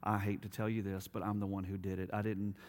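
A man voicing a guilty little boy who confesses in a stammering, halting way, close to his own voice. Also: lowish voice, flat delivery, a little mellow, lightly acted. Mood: contrite.

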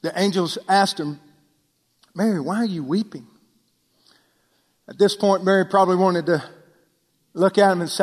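A man preaching a sermon, talking casually with the congregation, asking them rhetorical questions and dropping to a hush on key points. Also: high voice, moderate pace, long pauses. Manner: preaching with sudden drops to near-whisper for emphasis; conversational, asks the listeners rhetorical questions. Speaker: pastor. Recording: long hall reverb.

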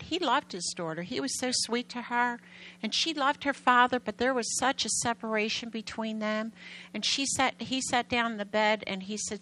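A woman preacher telling a story to her congregation in an animated, emphatic way, often getting loud. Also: medium pitch, moderate pace, low-quality recording. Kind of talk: sermon storytelling.

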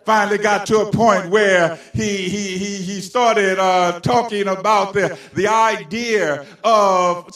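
A preacher delivers his sermon in a high, slow voice, stretching out his words and climbing into shouts. He is picked up from a distance, and the church rings with echo. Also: steady tone. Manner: rising to shouted preaching with storytelling. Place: church sanctuary. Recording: echoey church from far off.

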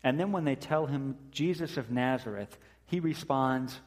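A man's voice: medium pitch, moderate pace, darkish tone, in a large hall. A man preaching as pastor, reading scripture and then retelling a story vividly, acting out the quotes.

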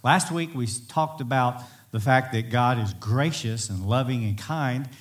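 A man's voice: medium pitch, a little slow. A middle-aged man preaching a sermon to a congregation, telling stories in a folksy, self-deprecating way. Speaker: pastor.

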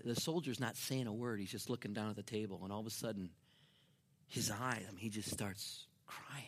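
Storytelling male pastor, loud then hushed. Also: on the low side. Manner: storytelling, swinging from loud to near-whispered. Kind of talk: sermon. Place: church.

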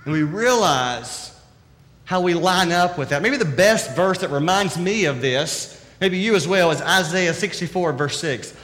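A man with a Southern drawl preaches in an earnest, conversational way and often poses questions to his listeners. His voice sits a little high. The sound carries a long reverb from the hall. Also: animated, unhurried, fairly bright tone. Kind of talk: sermon.

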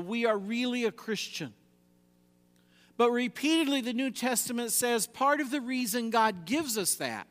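A man with a high voice delivers a sermon in an emphatic way. He swings from loud, rising exhortation down to quiet, low lines. The sound carries a long hall reverb. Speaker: preacher.

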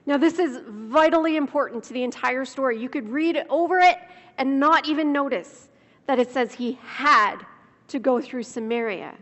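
A woman preaching a sermon, slow and measured, drawing out words for emphasis. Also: high voice, a bit bright. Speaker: speaker. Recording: dull sound with long hall reverb.

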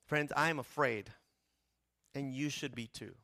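A man preaching a sermon as pastor, impassioned, with a repetitive cadence that swings from hushed to loud. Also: medium pitch, unhurried, no echo, studio quality.

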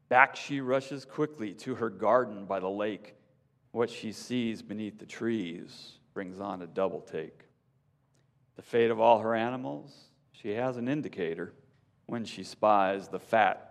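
A pastor reads a rhyming story in a measured, unhurried voice, then turns to casual preaching. His slow delivery rings with long reverb from a large hall. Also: fairly low pitch, creaky. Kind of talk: sermon with rhyming story reading.

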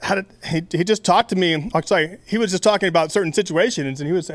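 A man's voice: a little high, quick pace, hardly any pauses, no room sound. A young man giving a casual, conversational sermon, with many fillers and restarts. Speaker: preacher.

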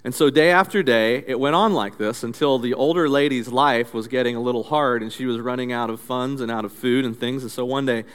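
A man's voice: medium pitch, brisk, hardly any pauses, clear, resonant tone. A male pastor preaching a sermon in a conversational, storytelling way. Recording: echoey hall reverb.

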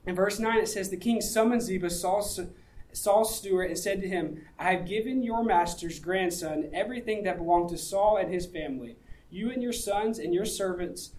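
Heard on a rough recording, a male pastor with a high-sitting, darkish voice preaches at a moderate pace. He reads scripture aloud, explains it conversationally and keeps asking his audience rhetorical questions.

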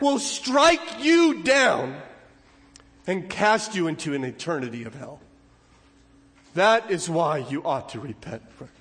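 A man preaching a sermon as pastor, swinging between loud urgent warnings and quiet pleading. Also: mid-range voice.

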